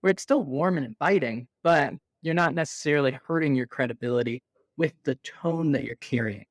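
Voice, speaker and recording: Higher-voiced man explaining in a dry recording. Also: a little fast, no room sound. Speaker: interview guest. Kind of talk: conversational business interview.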